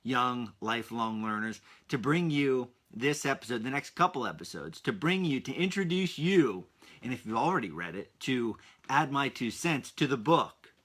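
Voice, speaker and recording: With a fairly bright mid-range voice, a man in his thirties runs an upbeat podcast for kids. He chats enthusiastically, talking straight to the young listeners.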